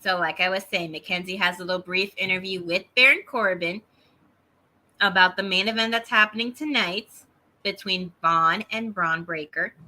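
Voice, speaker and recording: A woman co-hosting a wrestling review show, recapping matches in an animated, opinionated way. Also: mid-range voice, moderate pace. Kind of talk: casual recap and banter.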